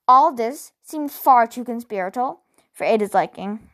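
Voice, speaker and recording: A woman with a fairly high voice reads a storybook aloud, then drifts into loose, chatty talk about it. She stumbles and restarts her sentences now and then, and her delivery stays relaxed and unpolished throughout. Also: normal speed. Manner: casual, with filler words and restarts. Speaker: podcast host reading a novel aloud. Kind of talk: storybook reading with casual chat.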